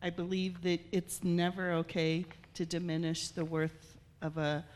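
A woman's voice: on the low side, flat delivery, unhurried, a little mellow. A woman in a church congregation speaking hesitantly, sounding torn and using many fillers. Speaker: congregation member.

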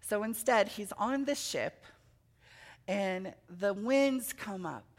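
Gravelly woman telling a children's sermon. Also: medium pitch, slow. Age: adult with children. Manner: animated storytelling with questions to children. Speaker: preacher.

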